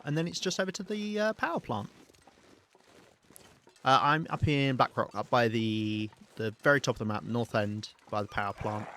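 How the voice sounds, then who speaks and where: A man's voice: mid-range voice, fairly bright tone, a little hiss or hum. A man with a British accent giving casual, chatty gameplay commentary as a livestreamer, talking to his chat and swearing now and then. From United Kingdom.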